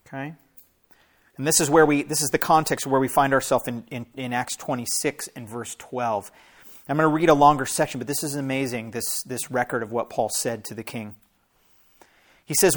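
A man's voice: medium pitch, a little fast. A man, a pastor, preaching a sermon and reading scripture aloud, stopping often for plain explanatory asides to his listeners.

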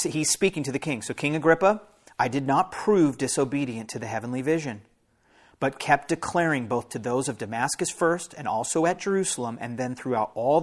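Man preaching, reading scripture with asides. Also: medium pitch. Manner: explains scripture in plain asides, addresses listeners directly. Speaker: pastor.

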